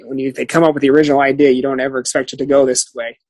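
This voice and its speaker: A man co-hosting a casual chat, agreeable and quick with many fillers. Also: medium pitch, little pitch movement, a little mellow, no room sound, poor audio. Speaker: podcast co-host.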